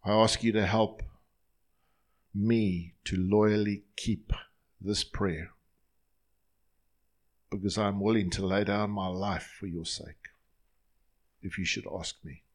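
A man's voice: fairly low pitch, fairly even intonation, slow pace, long pauses. A male pastor leading his congregation in an earnest, line-by-line prayer during a sermon in a church.

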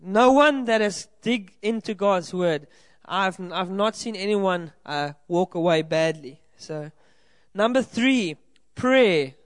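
A man's voice: high voice, lively intonation, slow pace, no echo. A man from South Africa preaching a sermon to a congregation, earnest and encouraging, speaking directly to the people in front of him. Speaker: pastor. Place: church hall with a congregation.

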